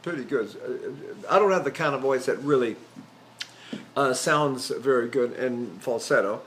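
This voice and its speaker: A man's voice: mid-range voice, measured pace, a little hiss or hum. An older man, a trained tenor, giving a voice lecture, explaining technique and breaking into sung syllables and vowels, with fillers and restarts. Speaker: voice teacher. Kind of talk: vocal lecture with sung demonstrations.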